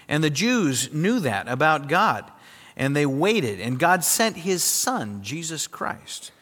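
A man preaching a sermon, telling a personal story in a lively, animated way before moving into teaching. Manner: animated storyteller, voice climbs high when acting out his younger self. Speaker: pastor. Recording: long hall reverb.

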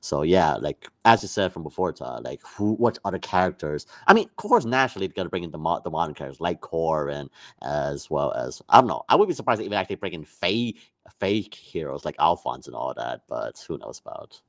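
A man's voice: extremely low pitch, big pitch swings, fairly quick, creaky, fairly bright tone. A man co-hosting a podcast, chatting casually, laughing easily and piling on fillers. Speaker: podcast co-host. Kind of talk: casual chat.

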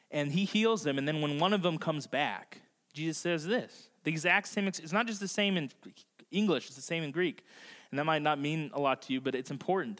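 Man preaching in a reverberant hall. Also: on the high side. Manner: conversational preaching, slows and softens for emphasis; acts out voices in quotes. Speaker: pastor. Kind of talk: sermon. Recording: long reverb of a large hall.

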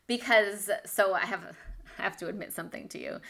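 Bright-voiced woman giving a devotional talk. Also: medium pitch, steady tone, unhurried. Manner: candid and conversational, laughs often at herself. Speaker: Bible teacher for Christian moms.

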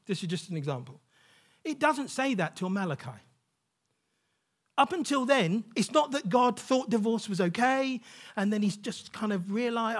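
Conversational preacher with a high voice. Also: male voice, a bit bright. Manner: conversational, emphatic, checks in with "yeah?". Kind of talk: sermon.

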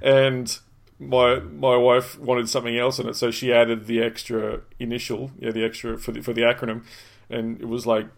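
A man's voice: medium pitch, completely flat delivery, normal speed, gravelly. A man in a casual podcast chat, rambling and swearing as he tells stories.

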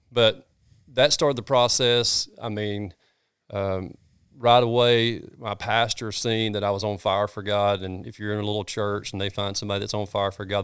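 Middle-aged Southern man, pastor guest, folksy storyteller, smooth and clear. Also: fairly low pitch, no room sound, studio quality. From North Georgia, US. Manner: earnest, animated storyteller with folksy sayings. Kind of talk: casual storytelling interview.

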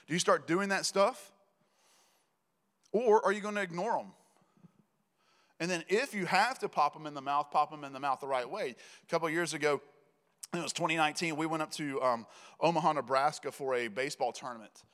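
Casting: male preacher, slightly high voice, chatty and joking, echoing church hall. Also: fairly quick, long pauses, a bit bright. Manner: conversational, joking, with rising emphasis. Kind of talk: sermon storytelling. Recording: reverberant hall.

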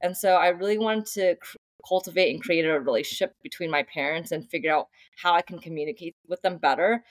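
Low-voiced, earnest young woman. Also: brisk, dry recording. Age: young adult. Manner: reflective, earnest, many fillers and restarts. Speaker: podcast guest, author. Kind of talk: casual conversational interview.

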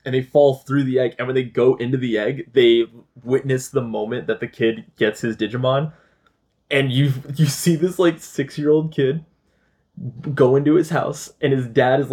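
Casting: young male podcast host, lively storyteller, laughs and swears, mid pitch. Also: moderate pace. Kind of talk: casual chat.

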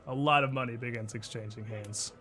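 A man narrating scenes as game master of a tabletop role-playing game, descriptive and unhurried. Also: mid-range voice, steady tone, sharp tone.

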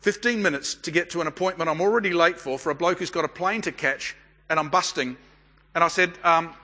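Bright-voiced Australian preacher in a hall. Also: male voice, sits high. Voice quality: measured, deliberate pauses. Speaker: pastor. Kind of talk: sermon with a storytelling manner. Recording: long hall reverb.

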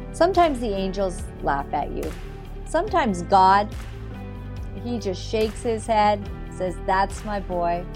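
A woman talking casually to her audience and reading scripture, chatty and animated, acting out quotes in playful voices. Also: on the low side. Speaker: online commentator and preacher.

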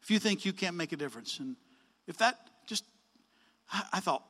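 A man telling a story in a sermon, animated, acting out the dialogue with changes of voice. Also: high-pitched, normal speed, in a large hall. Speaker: preacher.

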